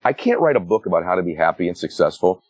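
Husky man in his forties, animated. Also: quick pace, no echo. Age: 40s. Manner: animated storyteller, rises sharply in pitch to make a point. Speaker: author and guest. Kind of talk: casual interview conversation.

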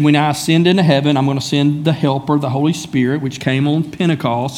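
A man preaching a sermon in a church, speaking conversationally and calling on listeners by name. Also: on the high side. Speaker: pastor.

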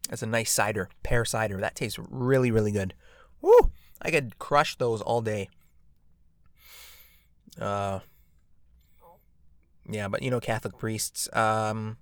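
A man's voice: on the low side, a little slow, pauses often, no echo. A man hosting a podcast alone, rambling and joking with lots of fillers and tag questions. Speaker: podcast host. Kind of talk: casual podcast monologue.

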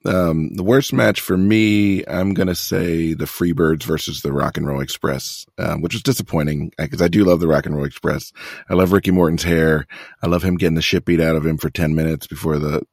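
A man with a very deep voice co-hosts a podcast, recapping old wrestling matches in a relaxed, wry manner with some casual swearing. The sound is close-miked and dry. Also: a little fast, vocal fry, no room sound. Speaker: podcast co-host.

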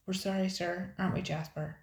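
Figure: eager, curious young boy on a ship, as a woman reads him. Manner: excited. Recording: echoey room. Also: mid-range voice, fairly quick, gravelly, lightly acted. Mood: apologetic.

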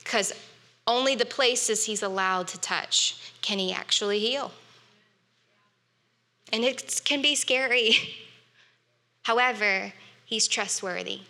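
A woman's voice: medium pitch, takes it slowly, pauses often, pushed and bright. A woman preaching a sermon in an earnest, conversational way, with casual fillers. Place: church hall. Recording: long reverb of a church hall.

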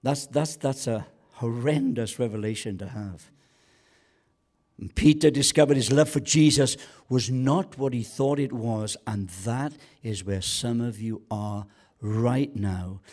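A man's voice: medium pitch, a little slow, a little mellow. A man preaching a sermon as a guest pastor, colloquial and joking, building to passionate calls to the congregation.

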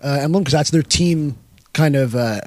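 A man's voice: a little high, moderate pace, darkish tone, no echo. Chatty laid-back man, dry sound. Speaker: podcast co-host. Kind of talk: casual crude banter.

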